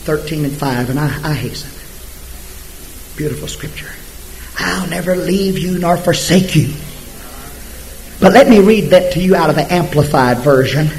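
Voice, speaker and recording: A man preaching a sermon emphatically, swinging from hushed asides to shouted scripture. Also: on the high side, normal speed, slight background noise, low-quality recording.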